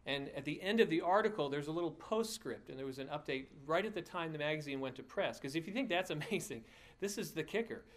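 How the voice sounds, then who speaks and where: A man's voice: fairly high pitch, expressive, fast, few pauses. A male pastor tells a story to his congregation in a loose, conversational sermon style. He keeps restarting phrases and dropping in fillers, and he chuckles now and then at his own asides.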